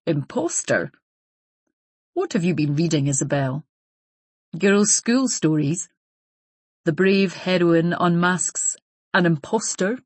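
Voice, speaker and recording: A gently teasing young husband in a storybook scene, read by a woman. The voice sits low and a little husky, dry and close, with a wry, amused lilt. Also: animated, slow, pauses often, no room sound, heavily acted.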